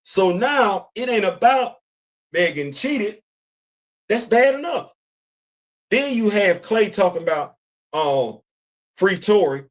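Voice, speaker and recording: A man's voice: high voice, very animated, slow, long pauses. A man hosting a casual commentary show, talking bluntly and emphatically, repeating his points. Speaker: podcast host.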